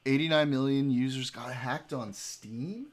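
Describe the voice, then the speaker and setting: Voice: mid-range voice, breathy edge. A livestreamer in casual chat, heavy on fillers, who slips into cooing baby talk with a pet.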